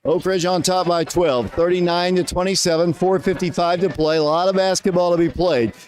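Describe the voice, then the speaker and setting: Male radio play-by-play caller, high voice, winded, excitable on big plays. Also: brisk, a little hiss or hum. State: out of breath. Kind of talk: live basketball play-by-play.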